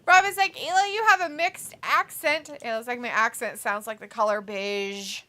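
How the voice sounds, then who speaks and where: A woman from the United States co-hosts a casual livestream, reading chat messages aloud and laughing often. Her voice is a little high, bright and forceful, at a normal speed.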